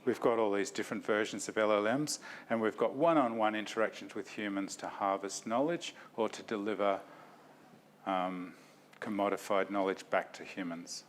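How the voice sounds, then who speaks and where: A man's voice: fairly low pitch, steady tone, moderate pace, a little hiss or hum. A man giving an academic talk, reflective and self-deprecating, in a lecture hall.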